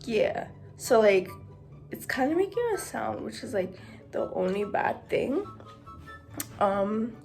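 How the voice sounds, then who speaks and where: A woman's voice: mid-range voice, animated, slow, pauses often, a little mellow, soft background music. A young woman chatting casually to her camera as a vlogger, giggly and full of fillers, with a stuffy nose from allergies. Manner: giggly, talks with lots of fillers. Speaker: vlogger pranking her boyfriend.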